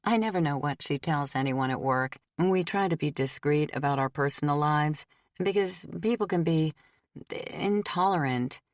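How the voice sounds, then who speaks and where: A woman voicing a busy female nurse who chats in a rushed, friendly way. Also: deep voice, no echo, clean studio sound, natural voice. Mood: chatty. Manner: chatty, rushed.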